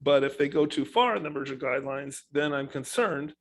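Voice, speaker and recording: A man speaking as an economist on a panel, telling his points with animated emphasis. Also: on the high side, fairly quick, low-quality recording. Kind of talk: panel discussion.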